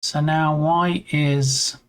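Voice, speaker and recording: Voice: medium pitch, fairly even intonation, very slow, clear, resonant tone. Chatty streamer thinking aloud while troubleshooting. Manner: muses to self, reads screen text aloud, chats with viewers. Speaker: game dev streamer. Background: headphones on.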